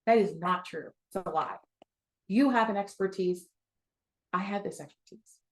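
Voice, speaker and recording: Woman coach, storytelling masterclass, animated, laughs often, acts out quotes. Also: mid-range voice, normal speed. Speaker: business coach.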